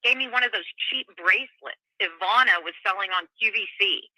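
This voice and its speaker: High, bright-voiced man rambling. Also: a little fast, no echo, rough recording. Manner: rambling, repeats himself. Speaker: interviewee. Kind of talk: personal account.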